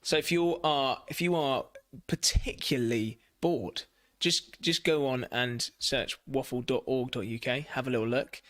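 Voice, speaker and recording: A man's voice: medium pitch, unhurried, few pauses, fairly bright tone. A man making easygoing café announcements, with many fillers. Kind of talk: casual announcements.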